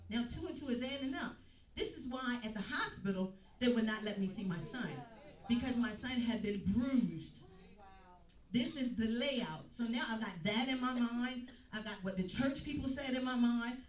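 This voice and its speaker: A woman's voice: on the high side, expressive, normal speed. A woman giving an emotional church testimony, telling her story with repeated phrases. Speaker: testimony speaker. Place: church hall. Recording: echoey room, mic at a distance.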